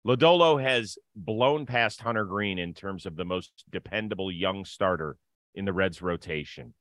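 A man's voice: sits low, moderate pace, a bit bright, dry recording. A man hosting a casual baseball talk show, reading sponsor spots in an upbeat, teasing way. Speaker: podcast host.

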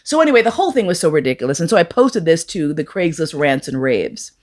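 Brief: woman, lowish voice, bawdy live storyteller, profane, playful, acts out every quote. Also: big pitch swings, quick pace. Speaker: storyteller guest.

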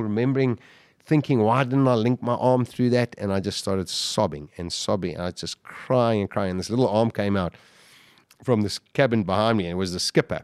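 Intense, halting man telling a survival story. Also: on the low side, darkish tone, no room sound, studio quality. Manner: intense, halting with repeated restarts. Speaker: podcast guest. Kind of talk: emotional storytelling interview.

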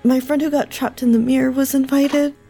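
An earnest young female adventurer, played by a woman with a fairly high voice and a hesitant, worried way of speaking. Soft music plays faintly behind her. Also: fairly even intonation, brisk, creaky. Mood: anxious.

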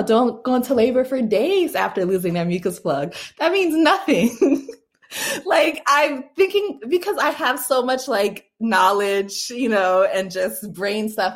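A young adult woman telling a personal story casually, with frequent laughs, fillers and restarts. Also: a little high. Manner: chatty, laughing often, many fillers and restarts. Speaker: mother telling her birth story.

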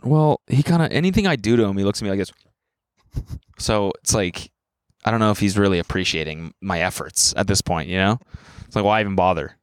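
A young man co-hosting a podcast in casual chat, animated and swearing freely as he acts out quoted lines in a raised voice. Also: lowish voice, a little fast, clean tone, no room sound, studio quality. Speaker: podcast co-host.

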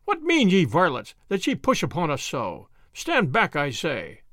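A man voicing a pompous, blustering sheriff who shouts orders in old-fashioned speech. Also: fairly high pitch, wildly swooping pitch, moderate pace, creaky, dry recording, studio quality, heavily acted. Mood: bellowing. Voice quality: loud, commanding. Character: blustering pompous middle-aged male sheriff.

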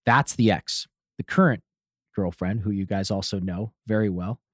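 A man guest on a podcast, telling a personal story with lively swearing and acted-out quotes. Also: fairly low pitch, normal speed, no room sound, clean studio sound. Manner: swears freely, acts out shouted quotes. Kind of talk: animated storytelling.

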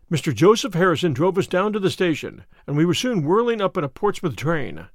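A man narrating a classic detective story in an expressive, animated manner. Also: high-pitched, a little fast, hardly any pauses, dry recording, studio quality. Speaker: audiobook narrator.

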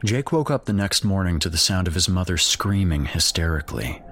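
A man narrating a scripted horror story in a steady, measured way. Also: low voice.

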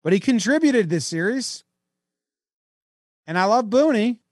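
A man co-hosting a podcast, bantering casually about baseball in an animated, jokey way. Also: sits high, measured pace, dry recording, studio quality. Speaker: podcast co-host. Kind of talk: casual sports chat.

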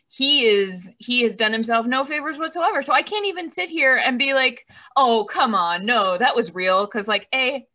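A woman co-hosting a sports podcast, chatting casually with quick, wry reactions. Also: on the high side, pushed and bright. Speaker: podcast co-host.

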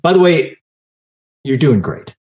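A man hosting a podcast in casual chat, teasing and deadpan sarcastic. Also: medium pitch, a little slow. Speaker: podcast host.

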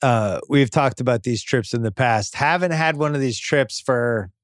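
Smooth-voiced podcast host man. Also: medium pitch, no room sound, studio quality. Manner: relaxed, rambling anecdotes with quick asides. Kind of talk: casual chat.

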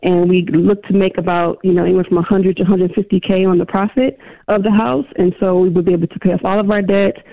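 Female caller, hesitant, gravelly edge, tinny phone line. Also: fairly low pitch, fairly even intonation, fast talker, no room sound. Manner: hesitant, many um fillers. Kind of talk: phone-in question.

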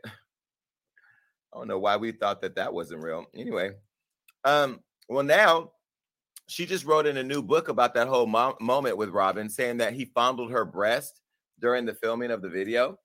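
A man hosting a celebrity gossip show, talking in a sassy, profane and animated way and laughing at his own jokes. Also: medium pitch, measured pace, dry recording. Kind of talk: brash gossip commentary.

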